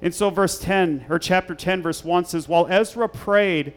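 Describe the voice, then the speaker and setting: A man's voice: high voice, normal speed, smooth, faint music behind. A male pastor reading scripture aloud and preaching in a church, earnest and emphatic, repeating key phrases and asking the congregation rhetorical questions. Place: church sanctuary.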